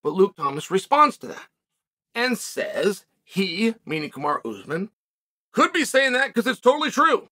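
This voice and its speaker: A man's voice: sits high, sing-song, moderate pace, bright, forceful tone. A man hosting an opinionated commentary monologue, speaking in an emphatic, argumentative way with sarcastic asides. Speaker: host.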